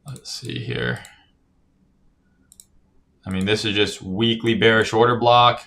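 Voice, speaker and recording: A man with a lowish, expressive voice, slow and a bit bright with vocal fry, streams casual crypto chart analysis. He's tired and yawning, swears casually, reads chat aloud, and often says "right?".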